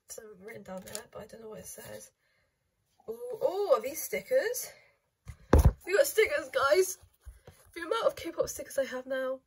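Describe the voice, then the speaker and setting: A young woman hosting her own channel, chatting casually as she unboxes albums, thinking aloud and gasping with excitement over each item. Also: fairly high pitch, slight background noise. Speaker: channel host.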